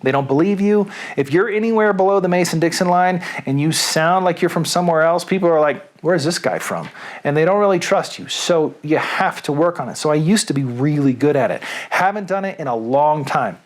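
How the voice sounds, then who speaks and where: A man's voice: fairly high pitch, a little fast, hardly any pauses. A middle-aged man and radio DJ, talking to camera alone in a small room at home in a chatty, rambling, self-deprecating way. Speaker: radio DJ and video host. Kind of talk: casual rambling monologue to camera. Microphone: studio microphone.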